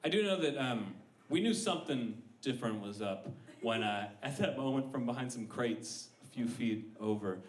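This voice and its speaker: A man's voice: mid-range voice, expressive, normal speed, recorded from a distance. A man in his thirties performing a rambling, self-deprecating stand-up set on a comedy club stage. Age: 30s. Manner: rambling, self-deprecating storytelling with act-out voices. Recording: echoey club room with ambient noise.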